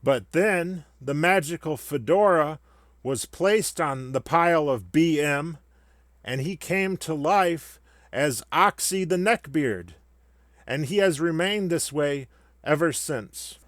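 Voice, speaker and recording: Brief: sarcastic male commentator, slow deliberate pace, slightly high voice, dry mic. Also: expressive, fairly bright tone, no echo. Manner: sarcastic, mock-solemn. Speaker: satirical commentator. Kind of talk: scripted comedic rant.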